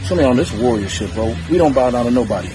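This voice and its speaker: Speaking very fast and expressively in a medium-pitched voice, a man challenging someone in a strength feud delivers a defiant, boastful, profane rant directly to the camera. Music plays beneath his voice.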